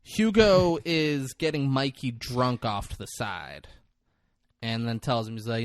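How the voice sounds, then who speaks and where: A man's voice: mid-range voice, animated, smooth, dry recording. Brief: male podcast co-host, casual, swears a lot, acts out dialogue while recapping; dry close sound. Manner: profane, acts out characters' lines in quick bursts. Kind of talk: casual movie recap chat.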